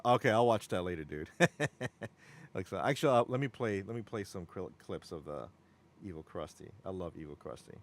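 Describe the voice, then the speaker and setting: Rambling, excitable male streamer. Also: low-pitched, a little fast. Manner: rambling, enthusiastic, repeats words. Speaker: stream host. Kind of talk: casual live-stream chat.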